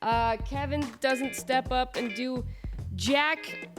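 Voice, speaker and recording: A woman's voice: sits high, slow pace, over music. A woman with a cold and a stuffed-up voice, hosting her podcast in a jokey, sarcastic, rambling monologue. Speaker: podcast host. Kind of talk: casual comedic monologue. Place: home setup with camera on tripod.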